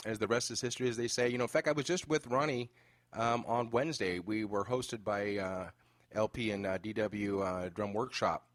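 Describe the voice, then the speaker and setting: A man hosts a podcast, spinning an animated story with plenty of fillers. His voice sits low and the sound is dry and close, with no room around it. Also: moderate pace, no echo. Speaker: podcast host. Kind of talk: casual interview chat.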